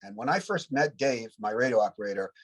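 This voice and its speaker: A man's voice: lowish voice, animated, fairly quick, low-quality recording. A man in his seventies, a Vietnam veteran, telling rambling war stories in an interview with frequent "you know" asides. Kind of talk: reflective war storytelling.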